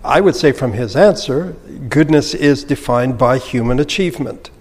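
A man's voice: medium pitch, darkish tone, husky. Man teaching scripture in a reverberant room. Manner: thoughtful, measured, with occasional restarts. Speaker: Bible teacher. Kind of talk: lecture-style Bible teaching.

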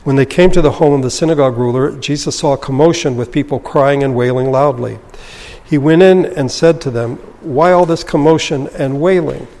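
In a reverberant room, a man with a warm, medium-pitched voice teaches a Bible lesson at a fairly quick pace. He reads scripture aloud, then explains it in a conversational way.

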